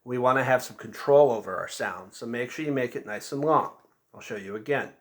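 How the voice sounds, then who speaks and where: A man's voice: mid-range voice, brisk. A man teaching a beginner band lesson, patiently walking through each step and checking in with frequent "okay?". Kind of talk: instrument lesson demonstration.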